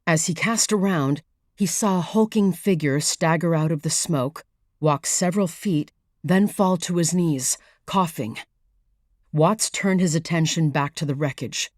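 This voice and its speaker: A woman reads a thriller audiobook in a low, deliberate voice, taking her time over each line. Her measured, even storytelling is close-miked and dry, with no room around it. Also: no echo. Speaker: audiobook narrator. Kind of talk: scripted narration.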